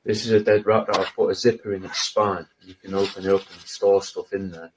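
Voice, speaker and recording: Low-voiced bloke, deadpan show and tell, calls you mate, faint hiss behind. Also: male voice, fairly quick. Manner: matter-of-fact, deadpan, calling people "mate". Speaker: man showing his taxidermy crafts in a clip.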